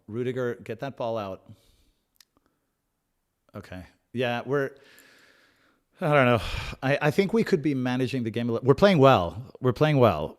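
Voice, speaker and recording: A man hosting a live match watch-along, calmly analysing tactics and breaking into excited outbursts at big plays. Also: medium pitch. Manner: chatty, repeats himself and restarts phrases. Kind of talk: live fan match commentary.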